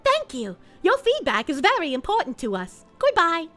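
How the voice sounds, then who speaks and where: A woman's voice: very high voice, huge pitch swings, normal speed, very noisy, pitched above the performer's own voice, full character voice. A woman voicing a polite, scripted customer-service agent. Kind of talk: game character voicing.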